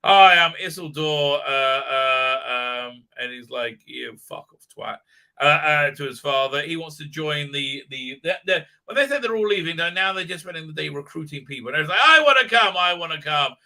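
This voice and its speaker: A man hosting a live stream, ranting profanely and mocking characters in squeaky put-on voices. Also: normal speed, few pauses, bright, forceful tone. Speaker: show host.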